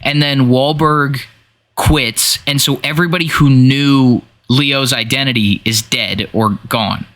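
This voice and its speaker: Bright-voiced podcast dude, swears a lot, gets animated acting out movie scenes. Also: male voice, mid-range voice, a little slow. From Washington State. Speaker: podcast co-host. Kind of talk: casual podcast chat.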